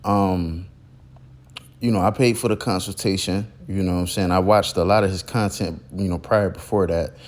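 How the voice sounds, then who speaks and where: A man's voice: sits low, fairly even intonation, moderate pace. Rambling man full of fillers. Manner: rambling, heavy fillers, many restarts. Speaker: content creator recalling a mentor. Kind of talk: casual storytelling monologue.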